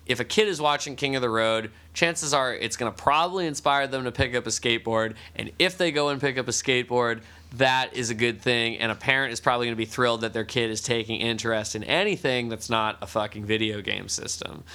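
A man's voice: mid-range voice, brisk, few pauses, pushed and bright. A man in his thirties co-hosting a casual podcast chat, telling stories with plenty of profanity. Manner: profane, storytelling. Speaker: podcast co-host.

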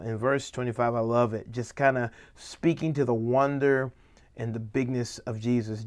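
A man giving a devotional Bible teaching in an earnest, conversational way, growing animated when he paraphrases the people in the passage. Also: medium pitch, moderate pace.

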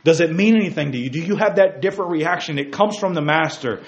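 A man preaching a fervent sermon, his voice sitting a bit high for a man and rising into emphatic peaks as he calls out to young men. The sound is roomy and echoey, and a little dull and muffled, as if recorded in a church hall. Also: expressive, fast talker. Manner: exhorting, repeats "hey guys", rising emphatic peaks.

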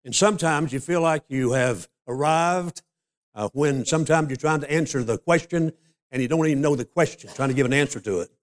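An older man preaching a sermon, a folksy storyteller who slows down to stress scripture. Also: on the high side. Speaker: pastor.

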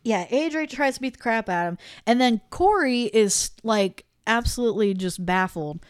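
A woman's voice: fairly high pitch, normal speed, clean tone, no room sound, studio quality. A woman co-hosting a podcast, recapping a film in casual chat and acting out the characters' lines as she tells it. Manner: animated storytelling, acting out quoted lines. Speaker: podcast co-host.

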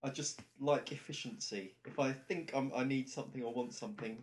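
A man trading jokes on a relaxed podcast. His voice sits in an ordinary middle pitch, and his delivery is playful and loose, often breaking into laughter at his own lines. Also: fairly quick. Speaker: podcast co-host. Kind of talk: casual comedic chat.

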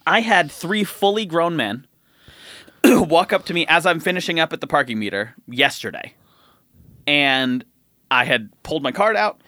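A young man telling a story in casual podcast chat, getting loud and heated as he acts out the scene. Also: a little high, no room sound. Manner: animated, gets loud and heated acting out his story.

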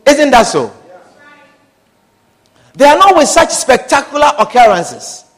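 A man's voice: extremely high pitch, huge pitch swings, a little slow, a bit bright. A man preaching a sermon with passion, repeating phrases and calling out hallelujah and amen. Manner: impassioned, repetitive, calls out hallelujah and amen.

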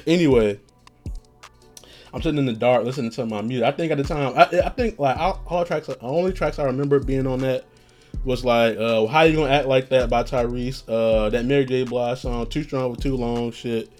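A man's voice: mid-range voice, normal speed, darkish tone. A man telling a long, winding story on his own show, with a voice in the middle range. He swears freely, wanders off topic and keeps laughing at himself, while faint music plays behind him. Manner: rambling, profane, laughing at his own stories. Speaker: podcast host. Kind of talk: casual storytelling.

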